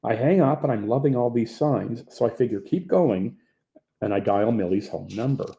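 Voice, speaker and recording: A man from Ontario reading his memoir aloud in an animated storytelling manner. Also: medium pitch, normal speed, vocal fry. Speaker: narrator.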